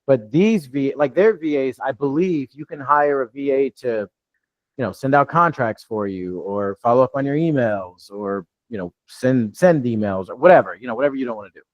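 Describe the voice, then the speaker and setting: A man's voice: medium pitch, animated, normal speed, dry recording, highs cut off. A man from New York coaching a live online training, talking loosely with many restarts over a video call. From New York, USA. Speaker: real estate deal coach.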